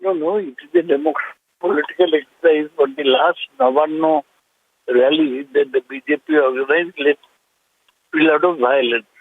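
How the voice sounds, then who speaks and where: Gravelly politician on the phone. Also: male voice, a little high, animated, normal speed. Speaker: party politician. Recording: phone call.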